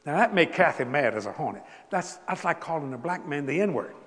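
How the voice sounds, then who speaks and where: An older man from South Louisiana with a Cajun accent, preaching a folksy storytelling sermon, animated and laughing as he tells stories. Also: a little high, fairly quick, long reverb tail. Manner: animated, laughing, Southern drawl, rising to exclamations.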